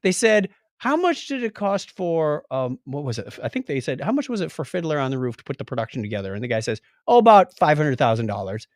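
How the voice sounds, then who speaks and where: Male podcast host, animated and playful, slightly high voice, dry studio. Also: dry recording. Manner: jokey, animated, rattles off lists quickly. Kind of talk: casual chat.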